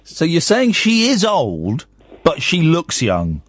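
A man's voice: on the high side, slow, husky. A man in his forties hosting a radio phone-in, joking and teasing the caller as they chat. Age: 40s. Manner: joking, animated, laughs and teases a lot. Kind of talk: casual chat.

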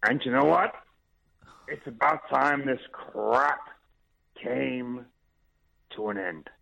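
A man's voice: medium pitch, slow pace, creaky, bright, forceful tone, poor audio. A man calling in to a late-night radio phone-in, indignant and blustering. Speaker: caller.

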